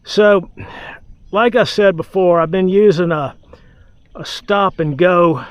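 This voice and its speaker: A man calmly talking through his fishing from a boat on a lake, often sighing. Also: high voice, takes it slowly, clear, resonant tone, dry recording, dull audio. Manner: relaxed, talks to the fish, frequent sighs. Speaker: fishing vlogger. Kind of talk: casual on-the-water commentary.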